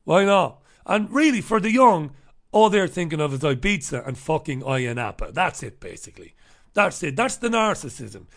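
Combative, sarcastic male host reviewing newspapers, fairly high voice. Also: sing-song, moderate pace, a bit bright. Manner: sarcastic, combative, swears freely. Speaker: talk show host. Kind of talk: ranting monologue and newspaper review.

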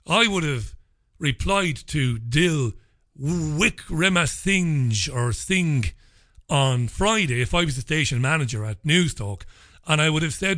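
A man's voice: a little high, expressive, slow pace, pushed and bright, no echo, clean studio sound. Indignant ranting man. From Ireland. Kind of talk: angry opinion monologue.

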